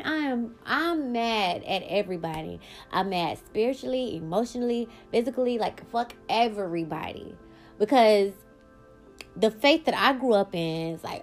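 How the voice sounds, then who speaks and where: A woman hosting her own podcast, telling a personal story in a blunt, animated way and swearing freely. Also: fairly high pitch, moderate pace, soft background music. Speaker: podcast host.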